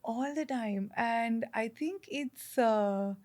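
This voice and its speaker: A woman chats as a podcast guest, her voice sitting a little high. She talks in lively bursts, full of fillers and restarts. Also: slow pace. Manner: chatty, animated, many fillers and restarts. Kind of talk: casual conversation.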